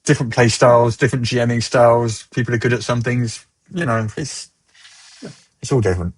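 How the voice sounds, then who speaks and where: A man's voice: medium pitch, fairly quick, slightly rough. A man from the United Kingdom hosting a casual panel chat, chatty and self-deprecating, laughing often. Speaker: podcast host.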